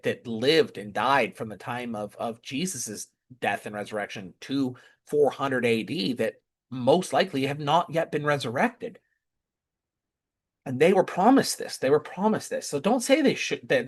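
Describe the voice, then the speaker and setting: A man's voice: medium pitch, slightly rough. Impassioned man preaching on scripture. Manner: emphatic, repeats rhetorical questions. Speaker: scripture teacher.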